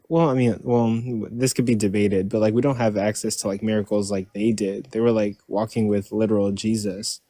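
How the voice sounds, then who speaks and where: Man debater, low mellow voice, dry close sound, hesitant questioner. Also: no room sound. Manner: hesitant, many fillers. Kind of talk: live-stream debate. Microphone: live-stream mic.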